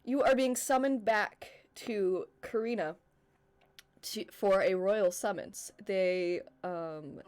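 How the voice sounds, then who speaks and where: A woman's voice: mid-range voice, slow pace, darkish tone. A woman narrating as game master of a tabletop game, casual and giggly, with fillers.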